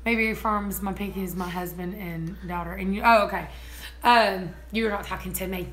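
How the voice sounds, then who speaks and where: A woman chatting casually on her vlog, giggly and excitable. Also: medium pitch, moderate pace. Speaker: homesteading vlogger. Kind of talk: casual chat.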